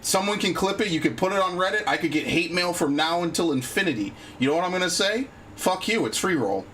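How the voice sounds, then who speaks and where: A man's voice: high-pitched, animated, fairly quick, a bit bright, slight background noise. A man live-streaming a game, talking casually, frustrated and swearing a lot. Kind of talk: casual live-stream chat while gaming.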